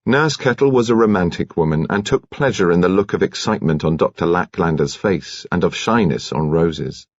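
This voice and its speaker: A man narrating an audiobook in a measured, expressive storytelling manner. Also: deep voice, no room sound. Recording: dry, dull audiobook studio recording.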